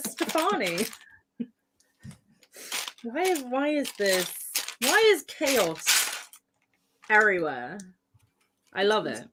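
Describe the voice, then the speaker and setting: A woman's voice: medium pitch, big pitch swings, takes it slowly, long pauses, noisy background. A woman co-hosting a casual livestream chat, joking and giggling as she talks. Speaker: guest co-host.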